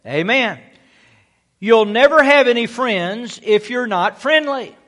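A man's voice: very high-pitched, lively intonation, slow, a bit bright, big-room sound. A male pastor preaching a sermon, exhorting his listeners with rhetorical questions and frequent "amen" calls.

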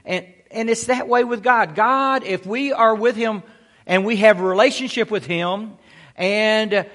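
A man's voice: high-pitched, a little slow, fairly bright tone. A male pastor preaching a folksy sermon in a church, sprinkling his talk with amens and praise Gods. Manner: folksy, peppers speech with amen and praise God.

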